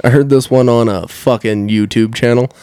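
A podcast co-host in a casual comedic chat, teasing and swearing while cracking quick jokes. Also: medium pitch, steady tone, mellow, smooth, no room sound.

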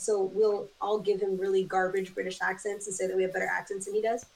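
A woman who is a podcast guest, telling stories in animated, casual chat and laughing often. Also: medium pitch, fast talker, vocal fry, low-quality recording.

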